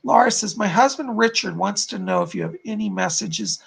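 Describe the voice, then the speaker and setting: Gravelly-voiced man giving psychic readings. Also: high-pitched, fairly quick. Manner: soothing, calls viewers darling and hon. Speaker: psychic medium host. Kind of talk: live-stream psychic readings.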